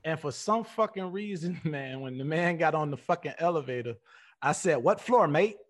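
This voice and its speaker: A man co-hosting a podcast in loose, casual chat. He swears freely and tells stories with animated energy. His voice sits fairly high. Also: normal speed. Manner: profane, animated storytelling. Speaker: podcast co-host.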